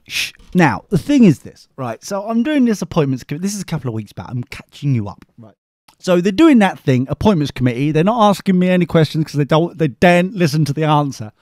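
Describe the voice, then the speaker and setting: Chatty man, wildly varied pitch. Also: very animated, a little fast, a little mellow, no room sound. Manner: chatty, self-mocking, sarcastic asides to the listener. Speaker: podcast host. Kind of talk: rambling comic monologue.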